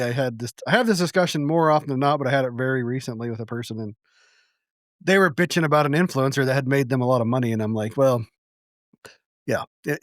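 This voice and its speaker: A man's voice: mid-range voice, no room sound, clean studio sound. A man co-hosting a casual podcast chat, joking crudely and laughing easily. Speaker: podcast co-host.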